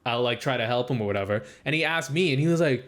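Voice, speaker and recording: With lively intonation and a fairly bright tone, a young co-host talks fast through a long story on a casual podcast. He rambles, says "like" a lot, and plays out other people's lines by raising his pitch.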